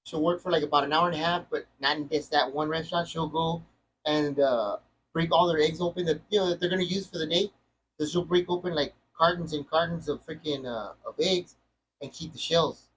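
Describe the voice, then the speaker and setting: A man's voice: on the high side, brisk, fairly bright tone, a little hiss or hum, low-quality recording. A middle-aged man hosting a podcast, telling a story in casual chat and rambling with many restarts. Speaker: podcast host.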